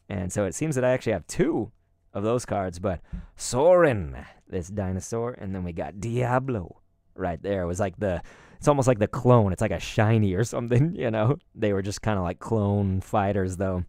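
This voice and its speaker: Male host, casual rambling nostalgic chat, lively pitch, dry close sound. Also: no echo. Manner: rambling and nostalgic, with many fillers and asides to viewers. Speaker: YouTube host opening collectible cards.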